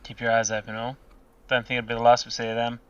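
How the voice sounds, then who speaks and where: Bright-voiced man, a bit off-mic. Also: medium pitch, monotone, fast talker, smooth, distant mic, highs cut off. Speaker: player. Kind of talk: casual tabletop game chat.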